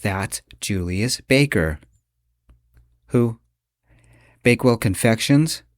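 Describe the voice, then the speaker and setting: A man voicing an excitable young casino dealer who rattles on eagerly in an audiobook. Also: lowish voice, slow, no echo, studio quality. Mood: excited. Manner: excited, chatty.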